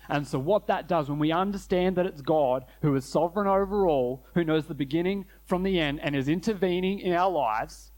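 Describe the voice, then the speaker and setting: Earnest male preacher, higher voice. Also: darkish tone. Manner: earnest preaching, slowing and dropping low for emphasis. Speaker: pastor. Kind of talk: sermon.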